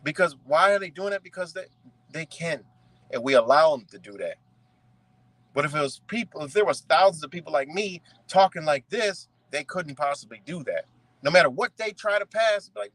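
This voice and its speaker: A young man from ranting in commentary, profane and animated, often asking "right?". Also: a little high, moderate pace, no echo, poor audio. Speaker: commentary streamer.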